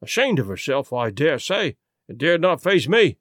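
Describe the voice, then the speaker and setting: A man's voice: fairly high pitch, very animated, normal speed, dry recording, clean studio sound. A man reading a story aloud and voicing a big, penitent police constable who rambles apologetically. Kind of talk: audiobook reading.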